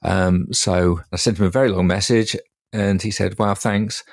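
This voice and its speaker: A man's voice: low voice, steady tone, normal speed, vocal fry, dry recording, clean studio sound. A man co-hosting a podcast in casual, rambling chat, with many hesitations. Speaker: podcast co-host.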